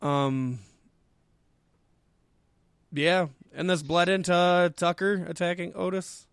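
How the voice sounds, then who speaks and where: Smooth-voiced man, blunt casual talk. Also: sits high, fairly even intonation, slow pace, no echo, clean studio sound. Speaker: podcast co-host. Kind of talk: casual chat.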